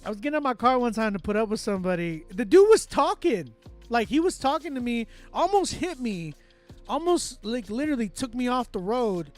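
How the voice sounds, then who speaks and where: A man from Texas with a Texan accent, hosting a casual chat and telling animated, self-mocking stories. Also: very high-pitched, fairly quick, soft background music. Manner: animated storytelling, loud excited outbursts, self-mocking laughs. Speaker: host. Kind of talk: casual chat with live chat readers.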